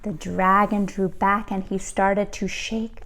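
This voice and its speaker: A woman teacher reading a storybook aloud to children, expressive and pausing to ask the listeners questions. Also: mid-range voice.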